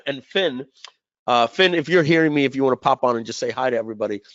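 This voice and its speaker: A man's voice: mid-range voice, lively intonation, quick pace, fairly bright tone, no echo. A man hosting a webinar, telling a business story in casual chat and acting out quoted dialogue with animation. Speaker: webinar host. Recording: dry, dull lo-fi webinar audio.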